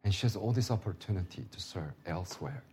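Low-voiced male pastor, preaching with swings between loud and hushed. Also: lively intonation, fast talker, slight background noise. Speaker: pastor and seminary teacher. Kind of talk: sermon with personal stories.

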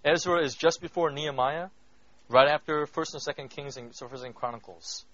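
A male pastor preaching a sermon in a chatty way, often checking in with the listeners, swinging from loud emphatic bursts to hushed moments. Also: a little high, fairly quick, a crowd in the background. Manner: conversational, keeps asking "right?". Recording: dull lo-fi recording.

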